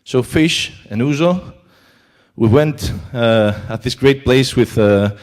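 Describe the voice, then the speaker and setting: Greek-accented male conference speaker, halting delivery. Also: mid-range voice, a little mellow. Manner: hesitant, many fillers. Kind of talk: conference talk. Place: conference hall.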